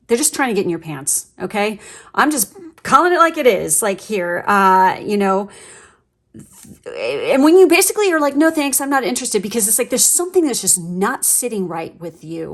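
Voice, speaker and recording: Casting a woman tarot reader: casual, profane, rambling, full of fillers, with a middle-range voice. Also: medium pitch. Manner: blunt, swears a lot, rambling with many fillers. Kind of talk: casual pick-a-card tarot reading.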